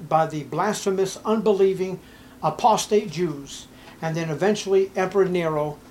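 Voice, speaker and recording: A man's voice: on the high side, a little mellow, slight background noise. An older man preaching a sermon, reading scripture aloud and commenting with growing emotion. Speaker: pastor.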